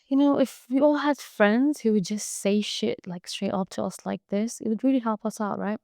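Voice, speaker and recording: Woman podcast host giving blunt tough-love talk, swears a lot, gravelly fry in her voice, dry close sound. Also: mid-range voice, fairly even intonation, moderate pace, darkish tone, no echo. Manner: blunt and profane. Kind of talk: casual monologue.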